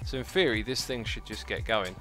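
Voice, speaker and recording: A man's voice: lowish voice, fairly quick, music in the background. A man hosting a game livestream, chatting casually in a rambling, jokey way with lots of fillers. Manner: excitable outbursts, playful and jokey. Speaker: livestream host playing a game. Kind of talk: casual gaming commentary.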